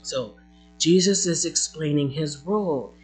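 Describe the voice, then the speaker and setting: A woman teaching a Bible passage in a lively, conversational way, breaking into playful asides. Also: low voice, measured pace, slightly rough, faint music behind.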